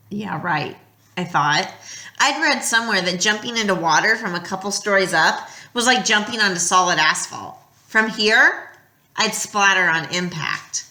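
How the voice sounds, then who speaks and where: Brief: animated female audiobook narrator, bright and lively, tense beats read softer, roomy echo. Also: medium pitch, moderate pace. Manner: expressive storytelling, drops quiet at tense moments. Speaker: audiobook reader. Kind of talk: first-person novel narration.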